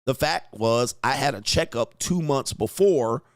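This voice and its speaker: Casting: brash, loud male stream host, profane, quick to laugh, dry close mic. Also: medium pitch, lively intonation, no echo. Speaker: online talk show host reading chat. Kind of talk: casual live-stream commentary.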